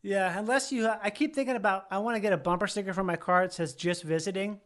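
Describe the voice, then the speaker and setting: A man with a high speaking voice chatting casually on a podcast. He rambles, restarts his sentences and corrects himself as he works his thoughts out aloud. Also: fairly even intonation, fast, fairly bright tone. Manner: rambling, self-correcting, laughing. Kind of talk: casual chat.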